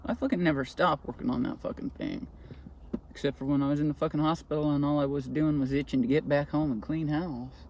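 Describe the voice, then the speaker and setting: A woman's voice: low-pitched, fairly even intonation, a little fast, darkish tone, a little hiss or hum. A woman ranting into her own vlog, swearing constantly and sounding agitated, talking from inside a car. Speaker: vlogger. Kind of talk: casual vlog rant.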